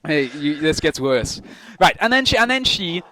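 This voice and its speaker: A man's voice: on the high side, moderate pace, no room sound, poor audio. A young man in casual chat who tells a story with swearing and laughter. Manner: animated, swearing, laughing while telling a story. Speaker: co-host.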